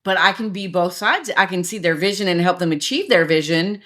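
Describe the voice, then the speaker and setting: A woman's voice: lowish voice, fairly quick, a bit bright. A woman, a digital marketer, talking chattily as a podcast guest, telling stories with many restarts. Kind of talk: casual podcast interview.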